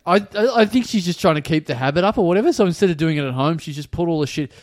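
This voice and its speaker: A man's voice: on the high side, lively intonation, racing, dry recording. A man co-hosting a comedy podcast, telling meandering stories with hesitations. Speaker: podcast co-host. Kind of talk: loose comedic chat.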